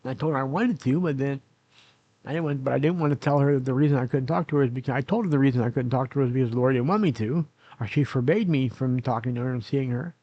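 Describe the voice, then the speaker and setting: A man's voice: mid-range voice, quick pace, dark tone, no room sound, lo-fi sound. An older man vlogging from his nursing home room, telling a long personal story in a rambling way, correcting himself and filling gaps with "uh". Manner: rambling, self-correcting, many "uh"s. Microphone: camera recording himself.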